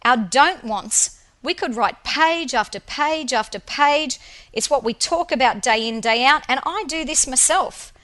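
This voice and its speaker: A woman giving a motivational presentation, telling stories with lively emphasis and repetition. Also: sits high, measured pace. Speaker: motivational speaker.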